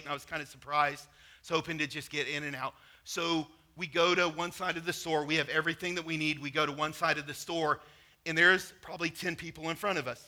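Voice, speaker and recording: Bright-voiced male pastor preaching casually. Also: on the high side. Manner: conversational preaching with personal stories. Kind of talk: sermon.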